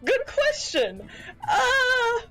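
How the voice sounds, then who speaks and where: A woman's voice: very high-pitched, huge pitch swings, slow pace, fairly bright tone, faint music behind, low-quality recording. A woman chatting on a casual stream as a guest, playful and rambling, often giggling.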